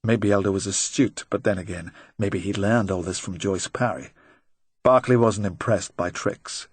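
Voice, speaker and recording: A man with a fairly low voice narrates a crime novel at a measured, even pace. He is close to the mic, and the recording is dry with no room sound. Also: breathy edge, dry recording. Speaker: audiobook narrator. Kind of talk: scripted narration.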